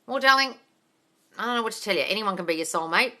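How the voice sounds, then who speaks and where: A woman hosting a live Q&A, her voice bright and forward. She reads viewers' comments aloud and answers in a blunt, no-nonsense way, swearing casually. She calls her viewers darling and guys. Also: medium pitch, expressive, quick pace. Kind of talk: live-stream Q&A reading out comments.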